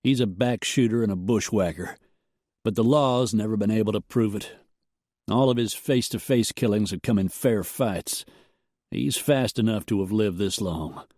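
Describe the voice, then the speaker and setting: Male narrator voicing a gruff western foreman, low and firm, dry audiobook read. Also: moderate pace, a little mellow, dry recording.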